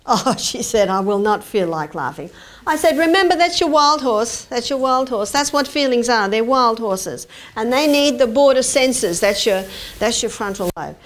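A woman giving a lively health lecture, asking the audience questions and acting out quoted dialogue. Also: on the high side, normal speed. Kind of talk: animated public lecture. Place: lecture hall.

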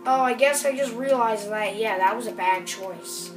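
Excitable woman narrating gameplay, roomy and distant. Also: fairly high pitch, normal speed. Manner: rambling, excitable, apologetic. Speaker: gameplay video host. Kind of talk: casual game commentary. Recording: roomy sound from off the mic with music behind.

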